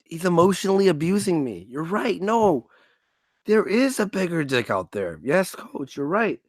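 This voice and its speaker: A man's voice: sits high, moderate pace, no room sound. A man talking on a stream, swearing freely and acting out little scenes with different voices. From Canada. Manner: animated, profane, acts out scenes in funny voices. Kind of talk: casual stream commentary.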